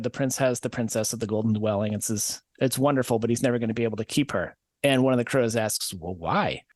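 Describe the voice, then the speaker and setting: A man's voice: mid-range voice, no room sound, clean studio sound. A man hosting a podcast, retelling a fairy tale as comedy in a wry, rambling manner. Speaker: podcast host.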